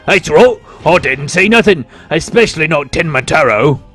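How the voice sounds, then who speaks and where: Guy doing a nervous folksy sidekick voice from a game, stumbly and slow. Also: a little high, lively intonation, a bit bright, faint music behind. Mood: sheepish. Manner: hesitant, folksy. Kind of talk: reading game dialogue aloud.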